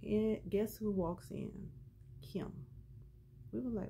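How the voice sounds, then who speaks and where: A woman casually recapping a TV episode in an animated, chatty storytelling way, full of colloquial asides. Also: mid-range voice, slow pace, vocal fry, slight background noise.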